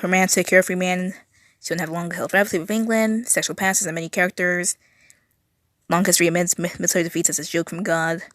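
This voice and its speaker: A woman's voice: on the low side, steady tone, fast talker, fairly bright tone, no room sound. Woman stumbling through a read-aloud. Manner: stumbling, self-correcting reading with exasperated asides. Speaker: video creator. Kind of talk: reading aloud with reactions.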